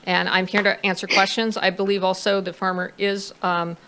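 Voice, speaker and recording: A woman's voice: mid-range voice, flat delivery, moderate pace, background noise. A woman consultant presenting to a planning commission, reading out figures with a few fillers. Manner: reads out figures, with some fillers.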